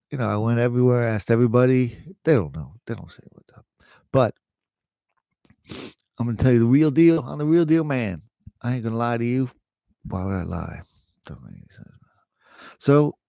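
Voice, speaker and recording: A man giving rambling, casual advice in a home vlog, laughing at his own jokes and trailing off quietly. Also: medium pitch, expressive, normal speed, gravelly, long pauses, clean tone, no room sound. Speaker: vlogger sharing home remedies.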